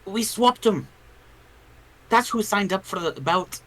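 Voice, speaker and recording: A player in a tabletop game talking smoothly and persuasively. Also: mid-range voice, animated, slow pace, a bit bright. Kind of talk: casual tabletop chat.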